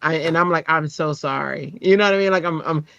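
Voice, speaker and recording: Woman host, deep voice, chatty and laughing, slightly dull lo-fi sound. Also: rapid-fire, no room sound. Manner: animated storytelling, laughs often. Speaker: craft show host. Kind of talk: casual chat.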